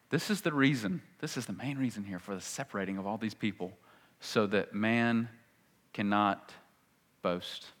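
A man delivers an emphatic sermon in a mid-range voice, alternating between loud proclamations and quiet asides. He reads scripture with dramatic weight.

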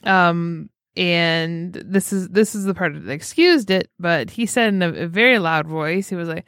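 A woman co-hosting a podcast in casual chat, telling animated stories and quoting people as she goes. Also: lowish voice, measured pace, no echo, studio quality. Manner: animated storyteller, quotes people. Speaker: podcast co-host.

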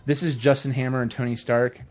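A man co-hosting a casual podcast, retelling film scenes in a lively way and acting out the characters' lines in quick voices. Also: mid-range voice. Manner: animated storyteller who acts out movie scenes in quick voices. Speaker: podcast co-host. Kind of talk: casual movie chat.

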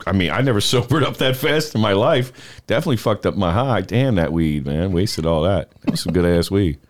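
Animated storytelling man, lively pitch. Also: a little fast. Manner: animated, swearing, laughs while telling stories. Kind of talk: casual storytelling chat.

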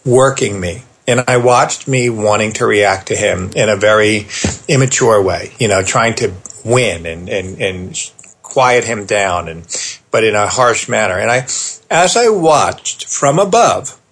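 Middle-aged male therapist guest, gravelly and husky, animated storyteller. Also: fairly low pitch. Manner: animated storyteller, quick asides. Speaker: therapist and parenting author, guest. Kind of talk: conversational storytelling.

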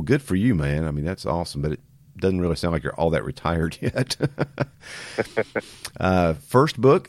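A man's voice: extremely low pitch, a little mellow, no echo, studio quality. A man hosting a podcast interview, congested from a sinus illness, with a growly, nasal voice and a chatty, upbeat manner full of fillers. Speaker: podcast host.

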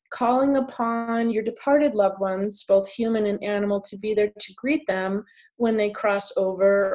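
A woman's voice: medium pitch, darkish tone, low-quality recording. Earnest woman guest telling a story. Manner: earnest, storytelling, many "you know" fillers. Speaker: author and guest. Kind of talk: podcast interview storytelling. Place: home office on a farm.

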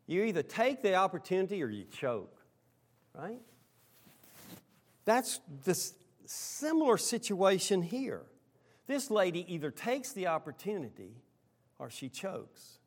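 A middle-aged man preaching a sermon, earnest, rising on key lines and dropping low for quiet asides. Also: big pitch swings, measured pace, long pauses. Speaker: pastor.

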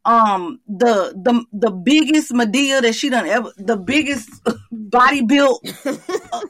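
A woman's voice: on the high side, expressive, takes it slowly. A woman co-hosting a podcast, talking emphatically in casual chat. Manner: emphatic, protective, laughing asides. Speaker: podcast co-host.

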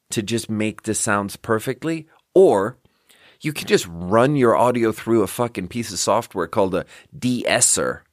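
In clean studio audio with no room sound, a man in his thirties hosts a podcast, his mid-range voice delivering a loose comedic rant. He's self-deprecating, curses freely, and jumps between ideas.

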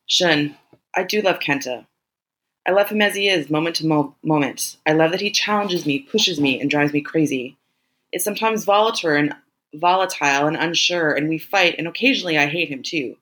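A woman's voice: sits low, moderate pace, fairly bright tone, rough recording. Woman reading as an earnest, affectionate woman. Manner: earnest, reassuring. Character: woman, candid and affectionate lover.

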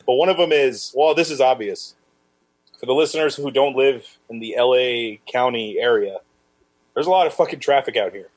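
A man's voice: mid-range voice, moderate pace, rough recording. A man co-hosting a casual movie podcast, asking questions and picking apart plot holes.

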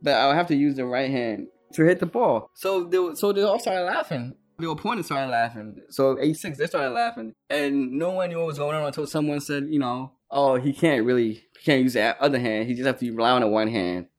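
A young man from Ghana telling his own story in a quick, animated way, his voice slightly altered. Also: medium pitch, soft background music. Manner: fast, animated retelling with quoted dialogue. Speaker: guest sharing his story. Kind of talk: personal storytelling.

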